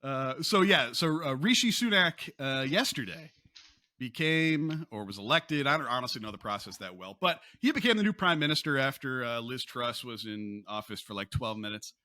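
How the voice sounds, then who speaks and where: A man hosting a casual podcast who talks in a lively, joking way with frequent restarts. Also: mid-range voice, normal speed, no echo, studio quality. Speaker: podcast host.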